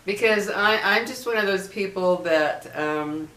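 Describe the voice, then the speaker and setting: A woman's voice: mid-range voice, unhurried, a bit bright, a little hiss or hum. A woman in her fifties, talking casually to her viewers and telling a story in a chatty, emotional way, with many fillers and restarts. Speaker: vlogger. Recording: echoey room.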